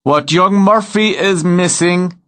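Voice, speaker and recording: A man's voice: high-pitched, slow, fairly bright tone, voice pushed up. A man voicing a gossiping village pub regular, imitated with a grumbling, meddlesome manner. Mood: gossipy.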